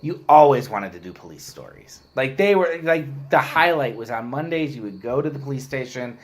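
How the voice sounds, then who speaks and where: A man's voice: mid-range voice, expressive, moderate pace, slight background noise. A man co-hosting a casual podcast chat, a former reporter, supportive with lots of short affirmations.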